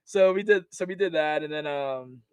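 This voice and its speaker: A man telling stories from his army service in a casual, animated way, laughing often and restarting his sentences. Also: on the high side, moderate pace, smooth, dry recording, lo-fi sound. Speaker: podcast guest, army veteran. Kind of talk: casual storytelling.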